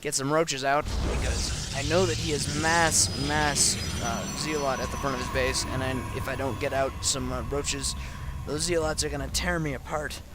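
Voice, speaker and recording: A man's voice: medium pitch, fairly even intonation, very noisy. A tired man who has been up all night, casually talking through his own game replay with lots of ums and restarts. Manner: halting, many ums and restarts.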